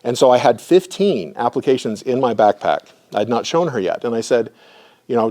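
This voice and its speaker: A middle-aged man giving a live lecture with personal stories to an audience in a room, conversational and often clearing his throat. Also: medium pitch, lively intonation, a little fast, dark tone.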